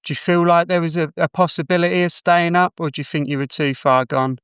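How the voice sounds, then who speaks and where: A man's voice: a little high, steady tone, quick pace, fairly bright tone, smooth, no room sound, clean studio sound. A man hosting a podcast, asking attentive questions and backing up his guest. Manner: attentive, encouraging, short backchannels. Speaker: podcast host. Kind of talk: interview questions.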